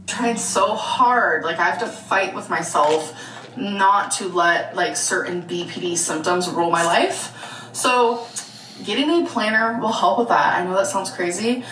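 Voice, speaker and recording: A woman's voice: medium pitch, a little slow, fairly bright tone, slight background noise. A woman chatting through a casual haul vlog in a rambling, chatty way. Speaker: vlogger. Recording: echoey room, voice from far off.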